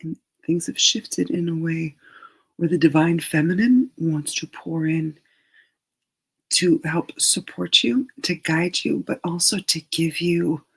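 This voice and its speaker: A woman hosting a live angel card reading, chatty and gently reassuring, sometimes dropping into soft asides. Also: fairly low pitch, animated, slow pace, vocal fry, pauses often, breathy edge, poor audio.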